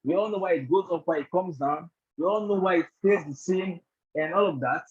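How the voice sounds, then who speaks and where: A man teaches a trading bootcamp over a group call, his voice pitched high and a little raspy. He fills his talk with "actually" and keeps checking in with the class. The call audio sounds dull and lo-fi. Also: brisk. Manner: repeatedly checks in with "do you understand?" and "right?"; leans heavily on "actually" and "all of that". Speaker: trading instructor.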